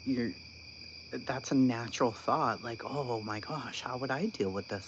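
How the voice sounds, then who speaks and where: A man hosting a channel, talking casually about online drama in an animated, incredulous way and laughing often. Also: medium pitch, measured pace. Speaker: channel host. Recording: dull lo-fi sound with constant background noise.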